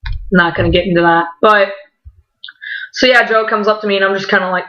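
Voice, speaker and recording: A young woman with a bright, tense voice tells a story casually, rambling and excited, with a lot of "like" and swearing. The recording is dull and lo-fi. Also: medium pitch, fast. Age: young adult. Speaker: vlogger.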